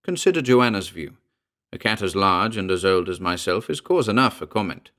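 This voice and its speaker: A man voicing an old, dignified talking cat who is the narrator's father, speaking gravely and formally. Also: low-pitched, expressive, normal speed, fairly bright tone.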